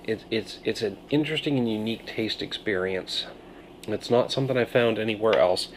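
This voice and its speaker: A man's voice: fairly low pitch, slight background noise. Musing man reviewing a beer on camera. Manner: musing, thoughtful tasting notes with pauses and hums. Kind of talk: casual beer review vlog.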